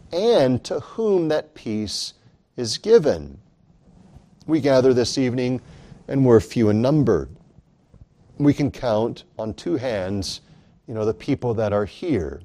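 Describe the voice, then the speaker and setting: A man's voice: on the high side, warm tone. A man preaching a sermon in an earnest, emphatic way, rising dramatically on key lines.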